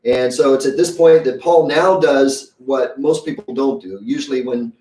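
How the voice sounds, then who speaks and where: A man's voice: medium pitch, moderate pace, darkish tone, echoey room, distant mic. A man preaching a sermon as pastor, conversational and folksy, acting out quotes as he goes. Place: church sanctuary.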